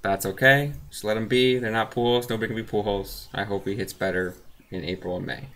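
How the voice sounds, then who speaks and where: A man's voice: fairly low pitch, fairly even intonation, fairly quick, fairly bright tone. A man casually narrating as he opens trading card packs, reading off names and teams with laid-back asides. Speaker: card collector opening packs. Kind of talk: casual running commentary.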